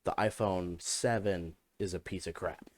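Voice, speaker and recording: A man's voice: deep voice, wildly swooping pitch, takes it slowly, no room sound. A young man co-hosting a podcast, talking in a rambling, casual way with many fillers and restarts. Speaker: podcast co-host. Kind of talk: casual chat.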